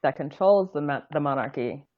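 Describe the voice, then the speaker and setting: A woman's voice: low-pitched, expressive, a little fast. A woman co-hosting a casual chat show, chatty and upbeat, introducing topics for viewers. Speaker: podcast co-host. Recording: muffled lo-fi audio.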